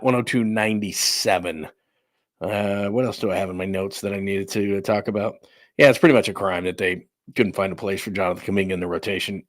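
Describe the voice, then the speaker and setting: A middle-aged man at a home mic, talking in a loose, rambling way while a little winded. His voice sits at an everyday middle pitch, and the room sounds dry and close with no echo. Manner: rambling, loose, chatty, thinking aloud. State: out of breath. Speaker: sports podcast host. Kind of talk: casual live-stream chat. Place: room at home under renovation.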